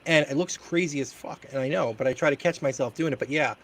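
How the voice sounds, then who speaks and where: Rambling male host, fairly high voice. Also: quick pace, a bit bright. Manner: rambling, restarts often, casual swearing. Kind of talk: casual chat.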